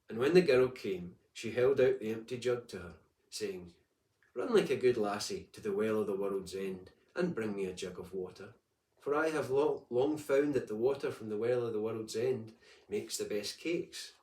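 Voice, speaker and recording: A man reading a folk tale aloud as an audiobook narrator, in an unhurried storytelling manner. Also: medium pitch, darkish tone. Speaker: audiobook reader. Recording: echoey room, distant mic.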